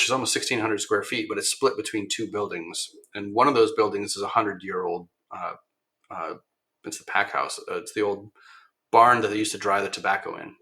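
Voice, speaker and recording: Guy guest on a podcast, low-ish bright voice, rambly w lots of ums. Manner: rambling, many ums and restarts, animated when quoting others. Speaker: podcast guest, machine shop owner. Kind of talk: casual storytelling.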